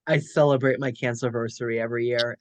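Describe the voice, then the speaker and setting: A woman's voice: very deep voice, fairly even intonation, quick pace, no room sound. A woman hosting an interview and speaking as a fellow cancer survivor, in an earnest, encouraging way with frequent stammered repeats. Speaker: host, also a cancer survivor. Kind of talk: casual interview chat.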